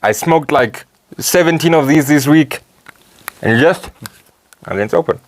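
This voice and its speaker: A man's voice: fairly high pitch, moderate pace. A man, hosting a podcast in casual, laid-back chat, swearing and laughing often. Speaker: podcast host.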